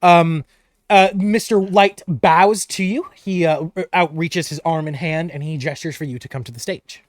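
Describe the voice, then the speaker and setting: A game master narrating a tabletop game in a playful, lively way, likely recorded at home over an online voice call. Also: medium pitch, normal speed, no echo, studio quality.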